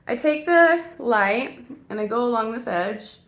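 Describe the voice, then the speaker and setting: With a slightly high, sharp voice full of big pitch swings, this actress and mom talks at a normal speed, guiding viewers through her makeup routine. She's an adult parent who's silly and chatty, addressing the audience directly in a casual tutorial.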